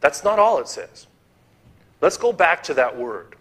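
A man's voice: a little high, sing-song, measured pace, a bit bright. A man preaching a sermon in a church, posing rhetorical questions, repeating key phrases and restarting words.

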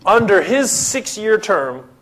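A man from the Philippines delivers a sermon. He preaches at an unhurried pace with a somewhat raised pitch, stressing his points and putting questions to the congregation. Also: big pitch swings, fairly bright tone, slight background noise. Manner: emphatic, asks rhetorical questions. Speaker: pastor.

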